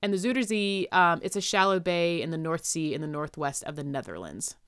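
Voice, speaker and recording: A woman's voice: sits low, brisk, a bit bright, smooth, dry recording, studio quality. Chatty woman podcast host. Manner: chatty, laughs easily. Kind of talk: casual podcast chat.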